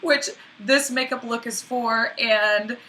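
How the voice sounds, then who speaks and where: A woman's voice: on the high side, steady tone, slow pace, pushed and bright, a little hiss or hum. Chatty woman doing a makeup tutorial. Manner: chatty, flustered, apologetic; laughs often while talking. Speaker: beauty vlogger.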